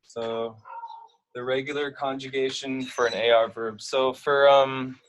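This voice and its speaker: A man's voice: mid-range voice, steady tone, measured pace, rough recording. A man explaining verb endings to young learners, taking his time. He works through each point step by step with plenty of fillers along the way. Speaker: Spanish teacher. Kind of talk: explaining grammar to young students.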